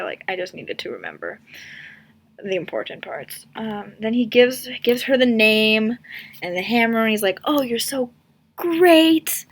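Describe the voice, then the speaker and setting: A woman's voice: medium pitch, fairly bright tone. A young woman casually ranting in a comic review, sarcastic and exasperated, with lots of filler words.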